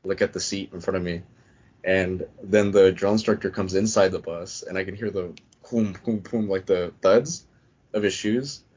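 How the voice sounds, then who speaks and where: A man's voice: sits low, fairly even intonation, moderate pace, darkish tone. A man on a podcast as a guest, retelling his story in a casual, rambling way with lots of "I'm like" asides. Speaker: podcast guest, Marine veteran. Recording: dull lo-fi podcast audio.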